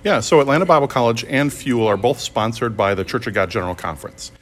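Matter-of-fact academic dean. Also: male voice, medium pitch, quick pace, a little hiss or hum.

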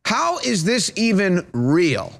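A male talk show host with a very high voice launches into a heated political rant. He hammers his points with mocking repetition and sound effects. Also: huge pitch swings, slow pace, creaky, fairly bright tone.

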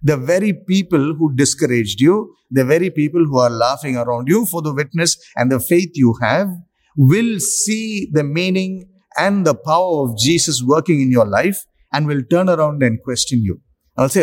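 A man preaching a sermon, slow and emphatic, with long pauses for effect. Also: mid-range voice, lively intonation.

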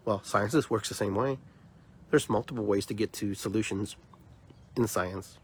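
Emphatic low-voiced man with a podcast monologue. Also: moderate pace, slightly rough. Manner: emphatic, repeats words when building a point. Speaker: podcast host.

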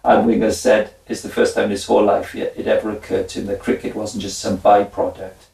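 A man in his sixties, a guest telling stories in an animated way, laughing and acting out his own side of the dialogue. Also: on the low side, a little fast, gravelly. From Wales. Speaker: guest, former footballer and minister. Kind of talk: conversational storytelling. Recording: echoey room, distant mic.

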